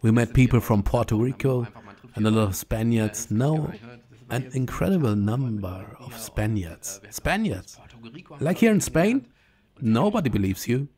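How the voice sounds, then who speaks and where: This German-accented pilgrim talks to the camera about his long walk like a spoken diary, chatty, blunt, and quick to laugh. He has a medium, slightly mellow voice with lively intonation and a measured pace.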